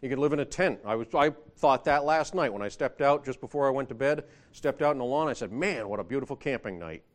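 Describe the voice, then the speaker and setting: A man delivering a sermon in an easygoing, conversational manner. His voice sits at an ordinary middle pitch. He swells louder and higher when he quotes scripture, then drops back to explain it, often closing with a rhetorical question. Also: fast. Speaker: preacher.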